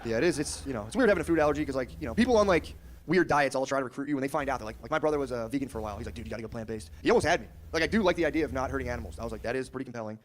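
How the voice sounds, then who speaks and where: A man's voice: medium pitch, animated, rapid-fire, a little hiss or hum. A young man doing a casual, rambling stand-up comedy routine, riffing with lots of filler.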